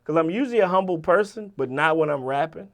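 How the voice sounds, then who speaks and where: A man with a Virginia accent, a rapper telling stories as an interview guest in a casual, animated way, swearing and acting out the people he quotes. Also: fairly high pitch, fast talker. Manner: animated, profane, quotes people in lively voices. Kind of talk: casual storytelling.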